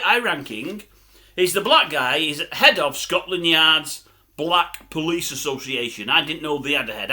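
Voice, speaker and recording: A man's voice: mid-range voice, pushed and bright. An older man, rambling to camera as a vlogger in a grumbling, chatty storytelling style.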